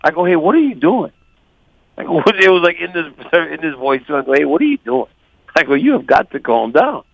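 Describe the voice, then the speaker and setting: A man calling in as a guest fighter, telling stories animatedly and quoting others in lively voices. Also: a little high, brisk, creaky, dry recording. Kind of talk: casual phone interview. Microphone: phone call. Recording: dull lo-fi phone line.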